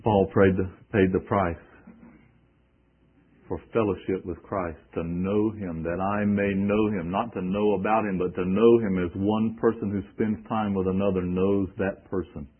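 Deep, husky preacher on tinny radio. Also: male voice, fairly even intonation, unhurried. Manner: emphatic, rhetorical questions, quoting scripture. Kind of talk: sermon.

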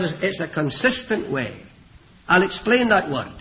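Preacher, male, fervent storytelling sermon with shouted peaks. Voice is high and swings widely, and the old hall recording is echoey. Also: sing-song, a little slow, lo-fi sound, a little hiss or hum. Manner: fervent, rises to shouts on key phrases.

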